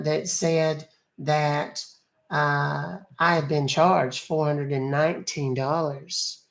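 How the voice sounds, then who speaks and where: A man's voice: a little high, vocal fry, voice pushed up. A man voicing a fussy older lady on a phone call, sassy and talking down to the caller as "honey". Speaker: scambaiter. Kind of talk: prank call role-play.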